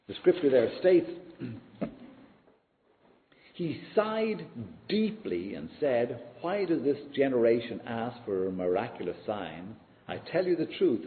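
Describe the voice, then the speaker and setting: A man preaching an expository sermon in an earnest, teaching manner. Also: a little high. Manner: earnest, teaching, lively rise and fall. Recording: echoey hall, tinny lo-fi sound.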